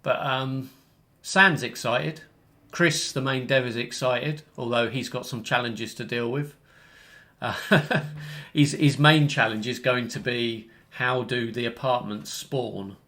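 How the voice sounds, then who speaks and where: A man's voice: medium pitch, steady tone, slow, bright, forceful tone. A man hosting a casual online community update, rambling and correcting himself as he explains the steps.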